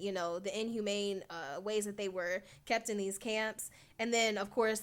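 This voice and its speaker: A woman co-hosting a podcast, talking through the news in casual chat with animated, indignant commentary and frequent fillers. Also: mid-range voice. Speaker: podcast co-host.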